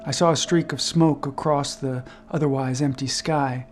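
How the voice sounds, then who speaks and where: A man's voice: mid-range voice, fairly even intonation, faint music behind. Man reading his own essay, subdued. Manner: measured, subdued first-person recounting. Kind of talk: reading a personal essay aloud.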